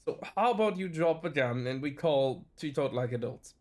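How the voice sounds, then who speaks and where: A man voicing a calm, diplomatic traveler, reading his soothing, persuasive lines aloud. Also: on the high side, normal speed, close to an everyday voice.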